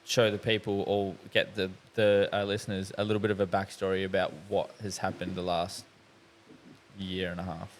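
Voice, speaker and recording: A man's voice: low voice, little pitch movement, normal speed, a little hiss or hum. A young man, hosting a podcast and telling rambling, sweary stories in casual chat. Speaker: podcast host.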